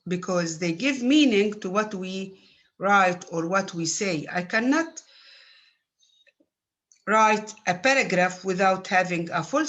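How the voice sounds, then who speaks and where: Slow, patient woman lecturer. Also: medium pitch, fairly bright tone. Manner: slow, patient explaining with many fillers. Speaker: university lecturer. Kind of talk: recorded online lecture.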